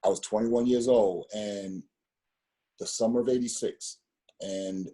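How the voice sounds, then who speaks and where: Middle-aged storyteller, fifties, husky and dark-toned, loose rambling delivery full of slang and restarts. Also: male voice, on the low side, fairly even intonation, slow. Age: 50s. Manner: rambling, repeats words, street slang. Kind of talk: casual storytelling conversation.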